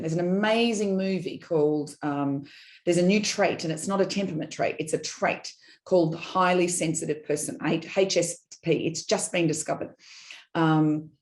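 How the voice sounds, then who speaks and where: Woman, middle-aged, podcast guest, rambling, animated storyteller, slightly low voice. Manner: animated, digressive, acts out quoted dialogue. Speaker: guest, business consultant. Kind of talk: candid personal storytelling in a podcast interview.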